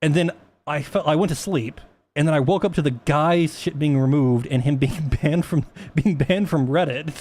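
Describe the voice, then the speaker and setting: A man's voice: a little high, normal speed, darkish tone. A man talking casually on a stream, rambling with many restarts and plenty of swearing.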